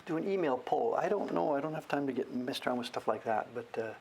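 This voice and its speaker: Gravelly older man chatting while he carves. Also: medium pitch, lively intonation, quick pace, darkish tone, slight background noise. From Canada. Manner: rambling, chatty, talks while he works. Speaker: woodblock printmaker streaming live. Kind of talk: casual livestream chat while carving.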